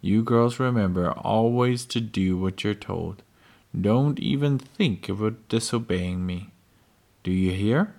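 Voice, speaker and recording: A man reading aloud, voicing a calm but firm pioneer father in a storybook with a slow, gravelly voice. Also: fairly low pitch. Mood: stern. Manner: steady, measured, plainly read.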